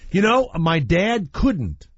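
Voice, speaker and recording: A male talk radio host spins a rambling story, his pitch swinging up and down as he talks. He sounds relaxed and casual. The broadcast sound is muffled and slightly dull. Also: takes it slowly, no echo.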